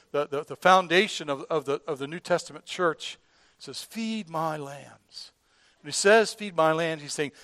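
A man preaching a sermon in an earnest way, who often repeats and restarts words and drops from loud emphasis to a hush. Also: fairly high pitch, no room sound. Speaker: pastor.

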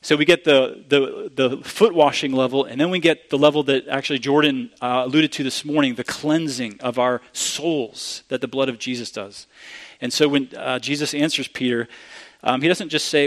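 A man delivers a sermon as if talking with friends, restarting his phrases now and then. His voice sits at an ordinary middle pitch. When he quotes a passage he leans in and becomes more emphatic. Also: steady tone, moderate pace, a bit bright. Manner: conversational, restarts often, grows emphatic when quoting. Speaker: preacher.

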